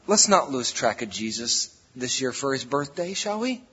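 A man's voice: mid-range voice, very animated, normal speed, pushed and bright, slightly rough. A man preaching a sermon as pastor, in a conversational, folksy way, recorded in a church hall. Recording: reverberant hall, dull lo-fi sound.

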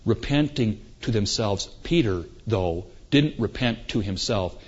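A man preaching a sermon emphatically, swinging between loud climaxes and quiet moments, with rhetorical questions. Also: on the low side, expressive, a little slow, slightly rough. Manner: emphatic, rising and falling for effect, rhetorical questions. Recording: dull lo-fi recording.

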